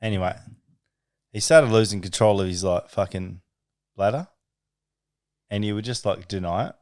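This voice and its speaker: Sweary laughing Aussie bloke, lowish voice. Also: male voice, normal speed, darkish tone, dry recording, studio quality. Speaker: podcast co-host. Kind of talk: casual banter.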